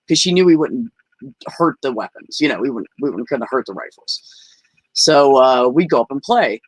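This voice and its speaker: A man's voice: mid-range voice, moderate pace, no room sound. Frank, rambling man telling his story. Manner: rambling, frank, sprinkles "you know" and "like". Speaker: podcast guest. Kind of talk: candid personal storytelling.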